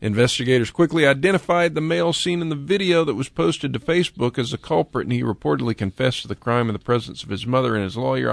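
Co-host, man, gravelly, reads news in a measured way. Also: medium pitch, no room sound. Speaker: radio co-host. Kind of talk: reading news then casual chat.

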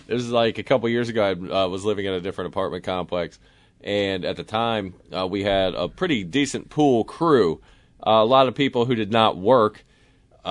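Animated man spinning a story. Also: no room sound. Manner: lively storyteller, acts out voices with big pitch jumps. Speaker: radio host.

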